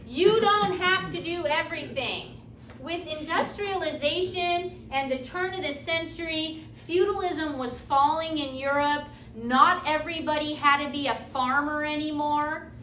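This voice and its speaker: A high, bright woman lectures a class at a slow, deliberate pace, checking in with students as she goes. Her voice is picked up from a distance in an echoey classroom, with faint room noise underneath. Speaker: teacher.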